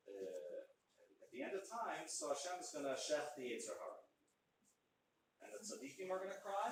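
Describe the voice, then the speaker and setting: A man giving a memorial talk with Torah teaching to a yeshiva audience, conversational and animated, acting out what people say. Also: on the high side. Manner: animated, conversational, acts out quotes. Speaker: speaker at a memorial gathering. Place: yeshiva hall. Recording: very echoey hall, mic far off, faint noise.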